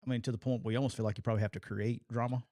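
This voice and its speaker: A man's voice: mid-range voice, fairly even intonation, very fast, dark tone, no room sound. A man co-hosting a casual sports talk show, easygoing and teasing his partner. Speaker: podcast co-host.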